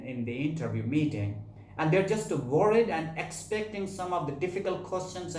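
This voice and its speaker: A man's voice: mid-range voice, a little hiss or hum. Echoey-room man giving career advice. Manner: repetitive, fillers, demonstrates gestures. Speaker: HR advice presenter. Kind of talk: advice talk to camera.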